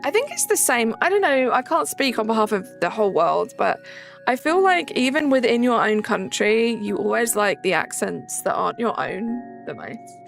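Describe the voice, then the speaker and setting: A woman's voice: on the high side, sing-song, moderate pace, creaky, soft background music. A young woman streaming a game, chatting casually and answering chat messages aloud.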